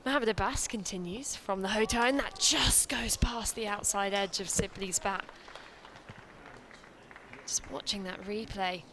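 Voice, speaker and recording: A woman's voice: medium pitch, a little slow, a bit bright, slight background noise. A woman giving articulate cricket analysis as co-commentator, with a lightly playful touch.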